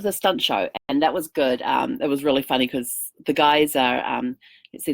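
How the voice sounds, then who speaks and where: Middle-aged woman chatting on her travel vlog, lowish voice, lots of ums, dry close sound. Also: a little mellow, no echo. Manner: rambling storytelling with many fillers. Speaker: travel vlogger. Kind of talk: casual chat.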